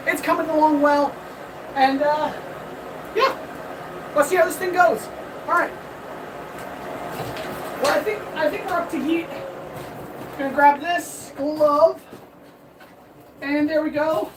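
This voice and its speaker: Breathless high-voiced woman forging at a distance. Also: slow, pauses often. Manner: upbeat and chatty, greets viewers in chat. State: out of breath from hammering. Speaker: blacksmith streamer. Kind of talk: casual live-stream narration while forging. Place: blacksmith forge workshop. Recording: distant mic with loud forge noise.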